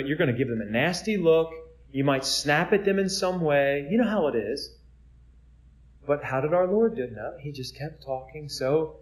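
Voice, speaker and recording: A man's voice: a little high, a little mellow. A man, a Catholic friar, giving an informal preaching talk in a conversational way, full of rhetorical questions and repeated words as he restarts.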